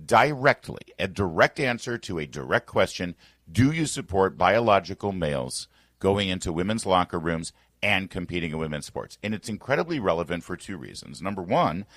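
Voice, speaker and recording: A man's voice: low voice, big pitch swings, moderate pace, fairly bright tone, dry recording, studio quality. A man hosting a political talk radio show, arguing emphatically with rhetorical questions. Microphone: studio microphone.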